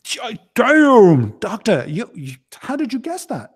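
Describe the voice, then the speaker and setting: A man's voice: sits high, wildly swooping pitch, slow pace, husky. A man hosting a casual livestream, rambling and jokingly teasing his co-host. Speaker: streaming show host.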